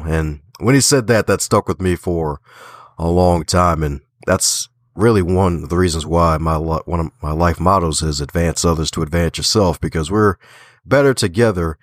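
A man from the Baltimore area, an author and podcaster, telling stories in a lively, folksy way during a remote interview. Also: low voice, moderate pace, no room sound, clean studio sound. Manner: animated storyteller, folksy phrasing, laughs often. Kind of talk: casual conversational interview.

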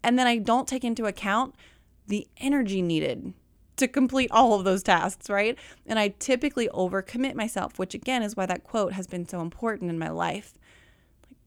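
A chatty woman talks through budgeting like a coach. Her voice sits at a middle pitch and sounds close and dry, with no room around it. She keeps things lively and casual and calls listeners y'all. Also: moderate pace, vocal fry, no echo. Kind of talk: casual talk.

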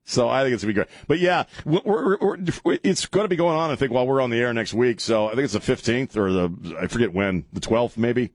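A male talk radio host speaks into a studio broadcast mic, his pitch swinging up and down as he rambles from one joke to the next. The sound is dry and close, with no room around it. He chuckles often and keeps a loose, casual on-air manner. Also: lively intonation, a little fast, hardly any pauses, no echo.

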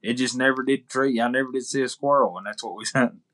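A man's voice: medium pitch, rapid-fire, fairly bright tone. A man in a casual podcast chat, telling a short hunting story in an easygoing way.

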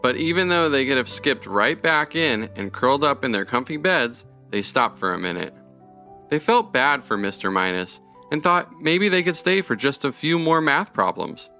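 A man reading a children's storybook aloud in a gentle, even manner. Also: mid-range voice, moderate pace, faint music behind.

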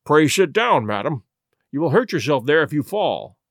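A man reading an audiobook, playing a cool, commanding detective who speaks in a measured, authoritative way. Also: on the high side, big pitch swings, no room sound, clean studio sound. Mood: firm.

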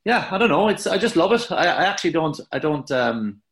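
A man from Ireland with an Irish accent, a podcast guest who talks in a casual, halting way with many restarts and fillers. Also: a little high, sing-song, fairly bright tone. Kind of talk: casual interview chat.

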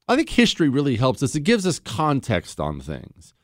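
A man hosting a talk radio show, delivering a sarcastic, animated monologue into a studio mic. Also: medium pitch, normal speed, no echo.

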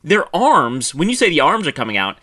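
A man's voice: on the high side, brisk, no echo, studio quality. A man co-hosting a football podcast in casual chat, laughing often and joking. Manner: laughs often, jokey and animated. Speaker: podcast co-host.

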